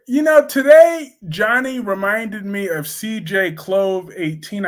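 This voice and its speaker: Blunt, high-voiced man ranting on stream. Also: a bit bright. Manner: blunt, opinionated, repetitive emphasis. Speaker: soap opera commentator reading live chat. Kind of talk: casual live-stream chat.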